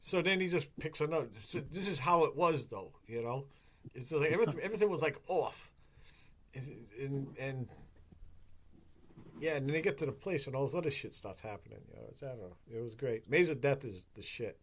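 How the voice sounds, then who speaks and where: Male podcast host, casual, profane, animated storyteller, ordinary pitch. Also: fairly quick. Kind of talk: casual chat.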